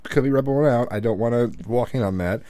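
A man's voice: medium pitch, fast talker, mellow, no room sound. A middle-aged man co-hosting a podcast, telling stories in casual chat, cursing and laughing often. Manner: swearing, laughing storyteller. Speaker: podcast co-host.

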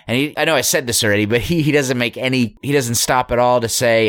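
A man in casual chat, talking through a story he read, halting with many restarts and fillers. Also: medium pitch, a bit bright, no room sound, studio quality. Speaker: story discussion co-host.

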